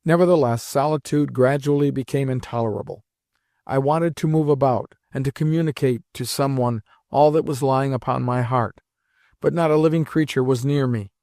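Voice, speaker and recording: A man narrating a classic novel as an audiobook in a measured, unhurried reading. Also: medium pitch, mellow, no echo, studio quality.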